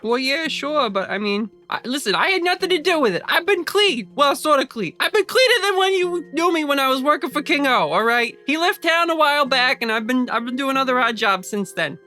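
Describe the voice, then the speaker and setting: Jumpy shady informant, high and bright, babbling, played by a man. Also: animated, soft background music, full character voice. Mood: nervous. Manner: nervous, fast, pleading. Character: jittery shady male small-time crook.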